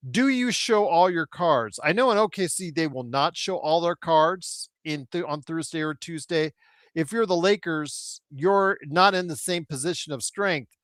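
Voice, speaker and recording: A man's voice: a little high, a little slow, fairly bright tone, dry recording. A man hosting a casual sports talk show, asking long, rambling questions with lots of hedging. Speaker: podcast host.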